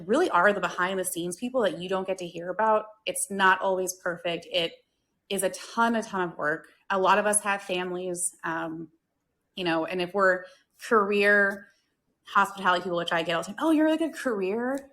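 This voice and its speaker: A woman's voice: fairly low pitch, steady tone, normal speed, bright, forceful tone. An American woman hosting a hospitality talk show, speaking earnestly and chattily with lots of fillers. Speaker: podcast host, hospitality worker. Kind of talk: casual talk-show chat.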